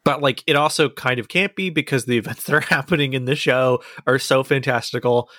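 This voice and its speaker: Man, casual podcast review, rambling and eager, dry close sound, mid pitch. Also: fairly quick, bright, forceful tone, no echo. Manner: enthusiastic, rambling, restarts sentences. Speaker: podcast co-host. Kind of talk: casual chat reviewing a TV series.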